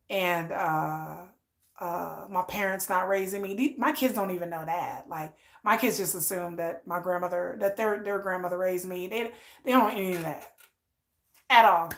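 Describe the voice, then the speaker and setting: A woman's voice: on the low side, vocal fry. A woman from Texas chatting casually on a livestream, telling stories and acting out voices. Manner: animated storytelling, acts out voices. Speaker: livestream host. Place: home room with ring lights.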